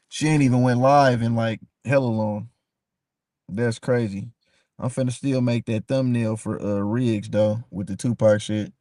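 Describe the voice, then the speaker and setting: A man's voice: mid-range voice, dark tone, no room sound. Dry-voiced male streamer chatting. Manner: addresses the chat by name, repeats himself, passionate. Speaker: live stream host. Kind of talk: casual live-stream chat.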